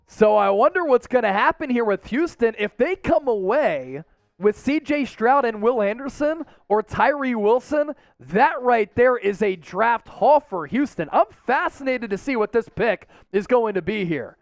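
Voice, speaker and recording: A man hosting a live sports draft stream, talking straight to his chat in an excitable, casual way. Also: extremely high pitch, measured pace, vocal fry, no echo. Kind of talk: live-stream commentary, chatting with viewers.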